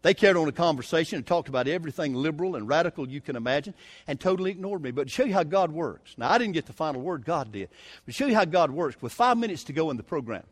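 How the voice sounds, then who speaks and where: Folksy evangelist telling a story. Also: male voice, a little high, no echo. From Southern United States. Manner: animated, emphatic, folksy with humor. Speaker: evangelist preacher. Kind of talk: sermon storytelling.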